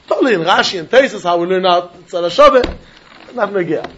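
A man teaching a Talmud class, animated and questioning, mixing in Yiddish and Hebrew terms. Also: high voice, brisk, dull audio, slight background noise.

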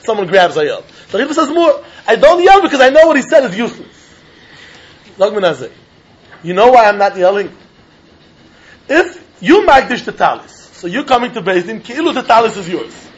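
High, husky-voiced man teaching Talmud. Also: normal speed. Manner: animated, chuckling, acts out both sides of an argument. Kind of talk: Talmud lecture. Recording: dull lo-fi recording.

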